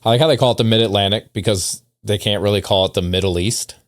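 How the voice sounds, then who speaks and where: A man's voice: lowish voice, fast, no room sound. Dry-voiced wry podcast host man. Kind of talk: casual podcast chat.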